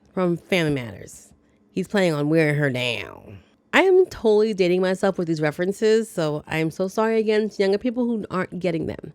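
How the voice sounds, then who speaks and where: A woman's voice: mid-range voice, a little mellow, no room sound. A woman hosting a casual movie recap, chatty, with playful asides and reactions to the story. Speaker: movie review host.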